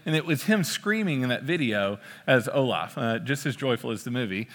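Bright-voiced male pastor in a reverberant hall. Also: mid-range voice, brisk. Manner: relaxed, joking storyteller with frequent "uh" fillers. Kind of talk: sermon.

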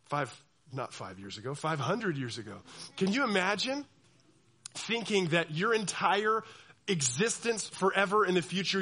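Animated young man preaching to youth. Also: sits high. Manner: animated, acts out quoted voices. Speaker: youth pastor. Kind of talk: sermon.

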